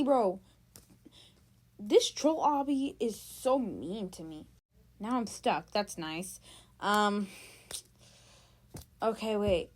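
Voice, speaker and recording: Young woman gaming vlogger, slow drawn-out talk, swings up and down a lot, dry close sound. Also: medium pitch, expressive, dry recording. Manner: chatty, exasperated, talks to chat. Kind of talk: casual gameplay commentary.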